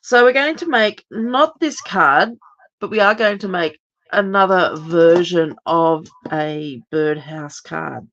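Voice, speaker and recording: A hoarse, lower-pitched middle-aged woman talks viewers through a craft project step by step, chatty and full of ums. The audio sounds dull and muffled, like a home live stream. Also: slow, fairly bright tone. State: hoarse, recovering voice. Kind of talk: live card-making demonstration.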